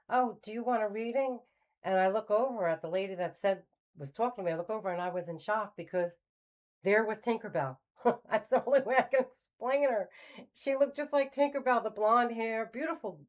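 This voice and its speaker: A middle-aged woman telling a personal story in a casual, animated way, acting out the voices of the people she quotes. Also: on the low side. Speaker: spiritual channel host.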